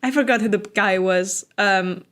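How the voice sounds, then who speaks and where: A woman co-hosting a podcast, recapping a book plot in casual chat and quickly acting out the characters' lines. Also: medium pitch. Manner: animated, acts out characters' lines in quick asides, laughs often. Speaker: podcast co-host.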